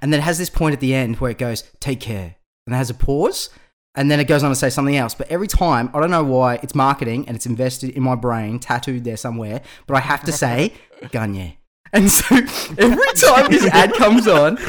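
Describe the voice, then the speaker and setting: Aussie guy rambling casually on a podcast, keeps laughing at his own bits, mid pitch. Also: quick pace. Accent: Australian. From Australia. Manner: chatty and animated, laughs at his own stories. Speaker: podcast panelist. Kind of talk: casual roundtable chat.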